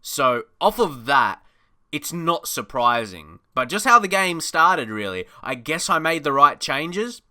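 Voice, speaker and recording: An Australian man giving casual, excitable commentary over a football management game, chatty and laughing often. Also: fairly high pitch, a little slow. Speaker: gaming YouTuber.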